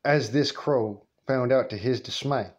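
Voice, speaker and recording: A man's voice: medium pitch, unhurried. A man telling a story in a rambling, profane, colloquial way. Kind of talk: casual storytelling vlog.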